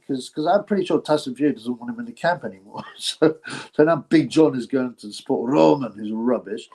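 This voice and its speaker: A man's voice: mid-range voice, dark tone, rough recording. Rambling man chatting about boxing. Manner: rambling, crude banter with chuckles and fillers. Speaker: boxing podcast host reading chat. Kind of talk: casual live-stream chat.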